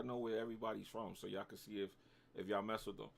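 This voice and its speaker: A man's voice: lowish voice, fairly even intonation, fast, vocal fry. A man with a New York accent, hosting a casual trading livestream, bantering with his chat in slangy talk and reacting to his trades.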